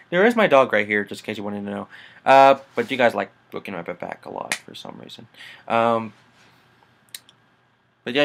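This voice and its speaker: A man's voice: mid-range voice, fairly bright tone. A man hosting a casual gaming news vlog, rambling and swearing through annoyed asides. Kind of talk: casual rant to camera.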